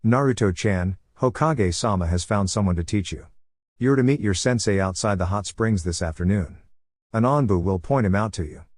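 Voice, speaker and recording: A man's voice: lowish voice, moderate pace, a little mellow, no echo, natural voice. A man voicing a laid-back male ninja teacher with a dry, teasing manner.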